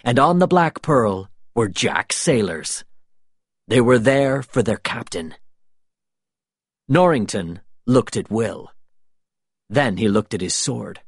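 Man reading a storybook out loud, super slow, very up-and-down voice, dry sound. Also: mid-range voice, lively intonation, breathy edge, no room sound. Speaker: narrator. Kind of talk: scripted storybook narration.

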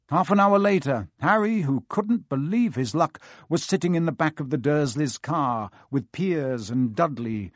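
A man reading an audiobook with lively, expressive narration. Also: fairly high pitch, dry recording, studio quality.

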